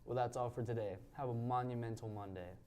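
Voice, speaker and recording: Dude reading the news, plain mid-pitch voice, reading-off-a-script feel. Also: male voice, fairly even intonation, a little fast, a little mellow. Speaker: news anchor.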